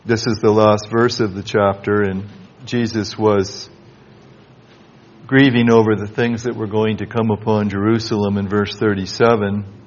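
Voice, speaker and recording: Low, flat-voiced man preaching scripture. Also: dull audio. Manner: measured, reads scripture aloud in King James wording. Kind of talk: Bible exposition sermon.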